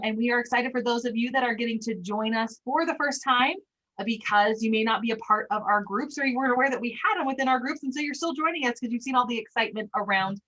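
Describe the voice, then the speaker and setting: A woman from Utah opening a casual group training call as a panelist, chatty and relaxed with many fillers. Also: a little high, low-quality recording. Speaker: panelist and host.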